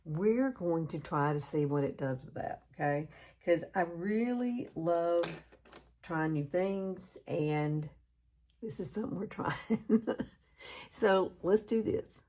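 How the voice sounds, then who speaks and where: A woman's voice: fairly low pitch, lively intonation, slow, mellow. A Southern woman from Alabama in her fifties, chatting casually through a makeup tutorial and laughing at herself often. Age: 50s. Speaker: beauty vlogger.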